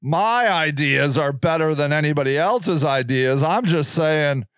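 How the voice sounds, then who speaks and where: A man's voice: a little high, unhurried, fairly bright tone, clear, resonant tone, no echo, studio quality. A man in his sixties hosting a podcast, ranting in a profane, sarcastic way and laughing at himself. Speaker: podcast host. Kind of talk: casual ranting monologue.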